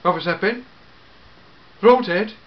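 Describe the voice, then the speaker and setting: A man voicing an elderly, fussy, grandfatherly time-travelling gentleman in a fan audio drama, full of hmms and eh?s. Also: high-pitched, a little slow, lo-fi sound. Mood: fussy, chatty. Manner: fussy, hesitant, peppered with hmms and eh?s.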